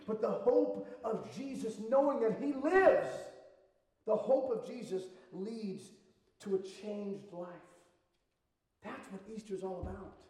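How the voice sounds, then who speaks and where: A male pastor preaching a sermon in a casual, conversational way, moving between hushed and emphatic passages. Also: high voice, expressive, slow. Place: church sanctuary. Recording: echoey church hall, mic at a distance.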